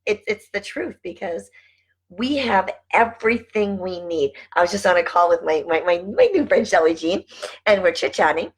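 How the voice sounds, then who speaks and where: Chatty, husky middle-aged woman. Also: on the low side, expressive, moderate pace, rough recording. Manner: chatty, laughs often, rambling asides. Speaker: vlogger and network marketing team leader. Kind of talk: casual chat to camera.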